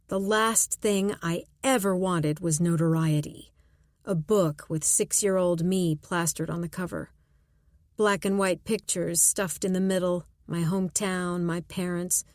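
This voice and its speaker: A woman reads a suspense audiobook in first person, measured and tense. Her voice sits low and moves very slowly. The recording is close and dry, with no room sound. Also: a little mellow, no room sound. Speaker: audiobook narrator. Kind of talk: first-person scripted narration.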